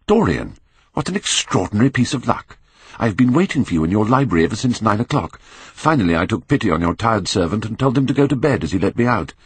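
A grave Victorian painter, pleading urgently with a friend , as a male reader puts him on. His voice sits low and husky yet swings widely in pitch. Dry, close recording. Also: very animated, quick pace, no echo, heavily acted. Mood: eager. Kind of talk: audiobook character reading.

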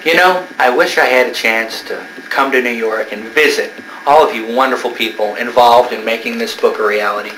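A man's voice: mid-range voice, moderate pace, hardly any pauses, fairly bright tone, echoey room, slight background noise, poor audio. A man, an author, making a hammy, over-the-top comic promo video.

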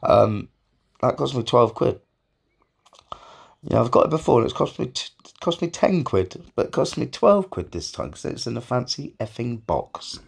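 A man's voice: medium pitch, very animated, normal speed, gravelly, slightly rough. A man, a self-employed gardener chatting casually on his vlog, rambling, joking and swearing as he goes.

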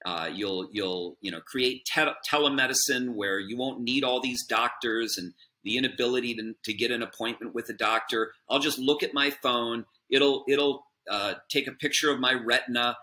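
A man's voice: medium pitch, moderate pace, hardly any pauses, pushed and bright. A man speaking as a podcast guest, explaining his views earnestly in a conversational way, with frequent fillers and a habitual "right?" at the end of points. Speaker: podcast guest, business chairman. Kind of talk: conversational interview answer.

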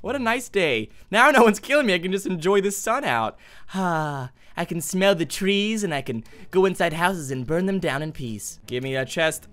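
A man's voice: sits high, sing-song, fairly quick, hardly any pauses, a bit bright. A man giving goofy, jokey commentary while playing a video game, exclaiming and talking to other players as he goes. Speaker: gaming YouTuber.

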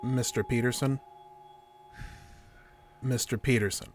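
An actor playing a calm, stiff male interrogator who speaks in flat, formal, repetitive phrases in an audio drama. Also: medium pitch, a little slow, slight background noise, close to an everyday voice.

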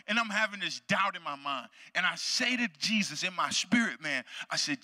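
A man preaching a sermon in a church, telling a story dramatically and swinging from loud shouts to hushed near-whispers. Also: high voice, big pitch swings, brisk, hardly any pauses, big-room sound. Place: church sanctuary.

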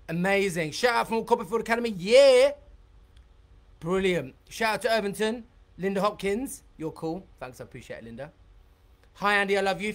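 A bubbly man hosting a live-streamed dance lesson, his pitch bouncing all over as he chats. He breaks into high shouts and whoops when excited, and his voice sometimes drifts away from the mic. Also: reverberant, far from the mic. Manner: bubbly, excitable, reads out viewer comments. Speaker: dance workshop leader.

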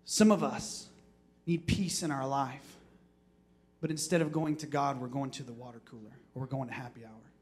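A man pastor delivering a short sermon, building to emphatic shouted peaks and then dropping low, often repeating words as he drives a point home. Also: fairly even intonation, moderate pace.

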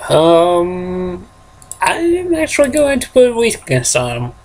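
A man's voice: high voice, very animated, slow, darkish tone. A man hosting a game let's play, rambling casually and chuckling to himself as he plays. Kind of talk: casual gameplay commentary.

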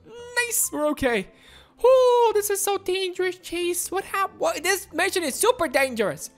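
A woman giving excitable, playful commentary on a video game, gasping and squealing at each moment. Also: very high voice, moderate pace, faint music behind. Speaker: gaming video host.

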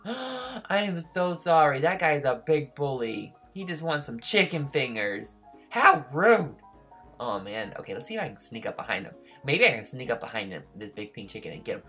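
A man giving excitable let's-play commentary, yelping and squealing in mock distress and teasing in a playful, childlike way. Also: a little high, brisk, slightly rough, faint music behind. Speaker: gaming YouTuber.

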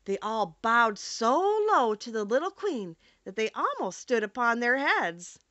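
A woman narrates a classic children's story as an audiobook, expressive yet measured. Her voice is on the high side, and the recording is dry.

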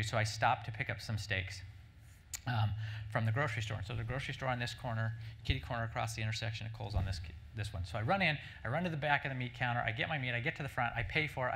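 Fast-talking bright-voiced male keynote speaker. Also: mid-range voice. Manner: animated anecdote-telling with many restarts and "right?" asides. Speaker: marketing executive speaker. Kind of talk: conference keynote storytelling. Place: breakfast event room before an audience.

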